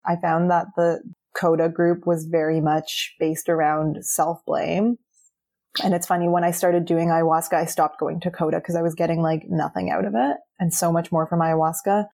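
A woman's voice: lowish voice, little pitch movement, moderate pace, gravelly, darkish tone. A young adult woman telling her personal story as a guest in an interview, earnest and chatty, often saying "like".

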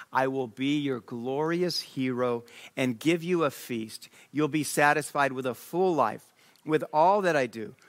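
A man preaching a sermon, reading scripture slowly and breaking off into an animated story. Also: fairly high pitch. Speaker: pastor.

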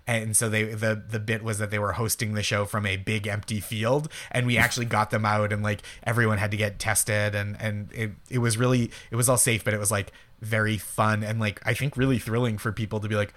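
A man from Eastern Massachusetts with a local accent, a comedian guest chatting casually, self-deprecating and quick to laugh. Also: fairly low pitch, little pitch movement, fairly bright tone. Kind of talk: casual chat.

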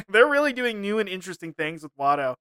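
Bright, crisp-voiced man joking on a podcast. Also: high-pitched, very animated, a little fast, no echo. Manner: laughs often, mock-serious rants. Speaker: podcast co-host. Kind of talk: casual comedy chat.

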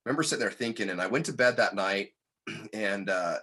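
A man guest on a podcast, telling a personal story in an earnest, candid way that turns animated when he quotes others. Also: lowish voice, brisk, breathy edge.

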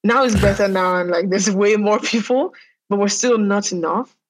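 A woman from Nigeria, an entrepreneur, speaking as a podcast guest in a measured, thoughtful way. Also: medium pitch, rough recording. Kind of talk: casual interview.

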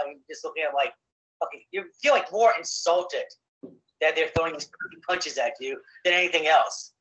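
Chatty male interviewer, somewhat high, muffled. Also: brisk, a bit bright. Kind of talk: casual interview chat.

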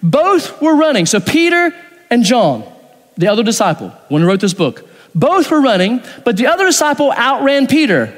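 Male pastor, sermon, high voice, very expressive delivery, acts out lines in shifting voices, long hall reverb. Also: normal speed. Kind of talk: sermon with scripture reading.

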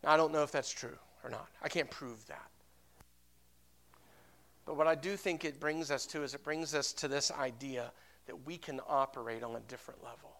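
A man preaching a sermon as pastor, building to loud emphatic peaks and calling for amens. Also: mid-range voice, normal speed. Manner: impassioned, rising to loud emphatic peaks, asks congregation for amens; storytelling with repeated restarts.

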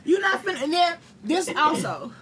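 A young adult woman telling a profane, animated story to friends and acting out the quotes. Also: extremely high pitch, moderate pace, crowd noise.

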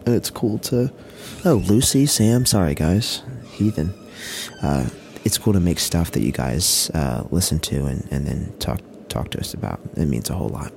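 Young guy, low voice, easygoing slangy podcast chat, soft hiss in the room. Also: expressive, normal speed, creaky. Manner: gentle, reassuring, loose slangy talk. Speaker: podcast co-host.

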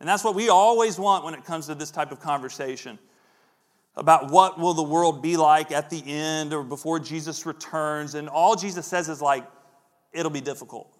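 Conversational preacher, fairly high voice. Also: male voice, normal speed. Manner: conversational, acts out voices in quotes. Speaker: pastor. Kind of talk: sermon.

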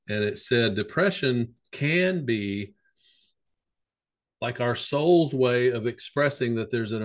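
A middle-aged man, a psychotherapist, telling long anecdotes in a casual conversation. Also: mid-range voice. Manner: rambling storyteller, lively anecdotes. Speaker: psychotherapist guest.

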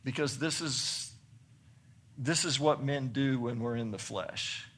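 A man preaching a sermon, reading scripture and explaining it earnestly, building to excited emphasis and then dropping soft for points. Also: mid-range voice, slow pace. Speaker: pastor.

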